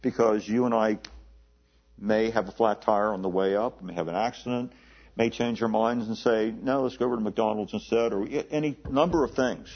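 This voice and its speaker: A man preaching a sermon in a conversational way, often repeating words and slowing down to stress the scripture he quotes. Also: fairly low pitch. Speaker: pastor. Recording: dull lo-fi recording.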